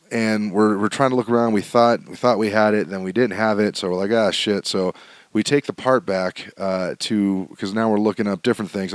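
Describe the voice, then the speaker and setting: A man's voice: fairly low pitch, dry recording. A man hosting a podcast from home, telling a candid, rambling story with lots of fillers and restarts. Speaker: podcast host. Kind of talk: casual storytelling monologue. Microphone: home setup, still adjusting sound.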